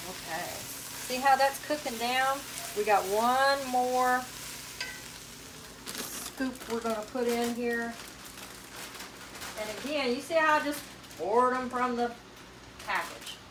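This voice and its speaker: A woman's voice: on the high side, slow pace, pauses often, noisy background. A woman with a Southern US accent hosting a casual cooking demonstration in a home kitchen, chatting homily as she stirs and cooks. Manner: chatty, homey, talks while stirring and cooking. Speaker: cooking channel host. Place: borrowed home kitchen, indoors. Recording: echoey kitchen, distant mic, sizzling pan. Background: frying and sizzling from the stove.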